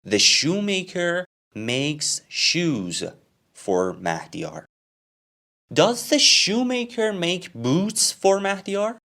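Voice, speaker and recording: A man's voice: high-pitched, big pitch swings, very slow, pushed and bright. A man telling a simple story as an English lesson, asking questions about it and answering them himself. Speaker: English teacher.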